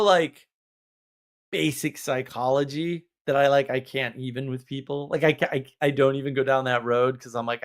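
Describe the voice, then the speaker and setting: A man hosting a casual livestream, talking in an animated, exasperated, rambling way with frequent laughs. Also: fairly high pitch. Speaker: livestream host.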